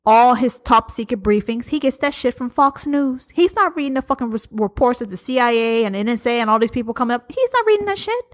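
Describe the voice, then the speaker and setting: A woman's voice: fairly high pitch, expressive, a little fast, hardly any pauses. A woman hosting a podcast, delivering a heated, profane, sarcastic political rant. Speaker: podcast host.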